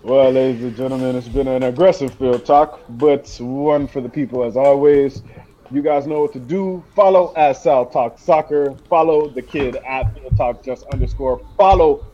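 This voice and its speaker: A man co-hosting a soccer podcast, trash-talking in an animated, slangy way and calling people "bro". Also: medium pitch, moderate pace. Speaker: podcast co-host. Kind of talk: casual soccer banter. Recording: dull lo-fi sound.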